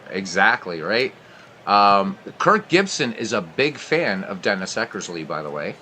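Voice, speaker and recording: A man hosting a baseball replay stream, calling the plays and chatting between pitches. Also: sing-song, unhurried, sharp tone, slight background noise. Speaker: play-by-play host. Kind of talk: baseball game replay commentary.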